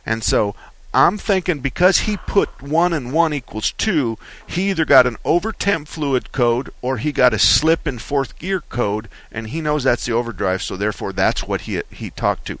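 A man's voice: medium pitch, fairly bright tone, no echo. Guy hosting a car call-in radio show, folksy, lots of restarts, dry mic. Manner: folksy, explains slowly with many restarts.

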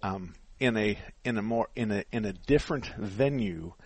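A husky, slightly low-voiced older man hosts a call-in radio show, rambling through anecdotes and laughing at his own punchlines. His sound is close and dry, with no room around it. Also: normal speed, no echo. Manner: storytelling, laughs often, acts out quotes. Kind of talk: casual call-in radio talk.

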